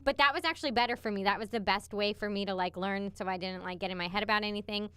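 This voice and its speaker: A woman's voice: mid-range voice, quick pace, fairly bright tone, clear, resonant tone, dry recording. A young woman co-hosting a coaching podcast, chatty and full of "like" as she talks. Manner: chatty, heavy use of "like". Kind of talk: casual chat.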